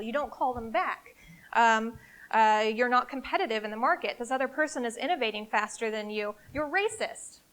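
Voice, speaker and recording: A woman giving a live business presentation to an audience in an event room, in an energetic, conversational and emphatic way. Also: fairly high pitch. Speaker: CEO giving a marketing presentation. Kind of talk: live conference talk.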